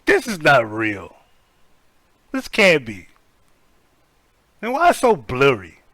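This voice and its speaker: A man's voice: on the high side, wildly swooping pitch, slow, a bit bright, dry recording. A man hosting a casual live-stream commentary, talking skeptically and profanely while reacting to news and greeting chat. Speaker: commentary host.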